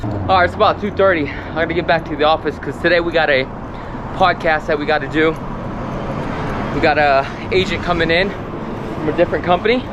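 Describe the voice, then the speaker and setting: A man's voice: fairly high pitch, brisk, long pauses, highs cut off, noisy background. A man, a real estate agent vlogging in a loose, rambling, motivational way. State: out of breath while walking. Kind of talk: casual vlog talk to camera.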